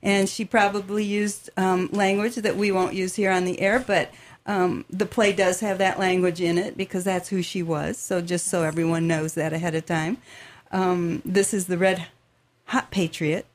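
Woman radio host, lowish voice, friendly interviewer. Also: level tone, normal speed.

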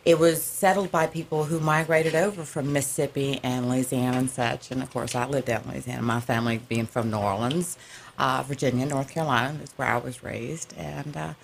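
A woman's voice: very deep voice, steady tone, fairly quick, creaky, a little hiss or hum. A woman from the American South with a Southern accent, an actress talking enthusiastically in a radio interview. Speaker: stage actress.

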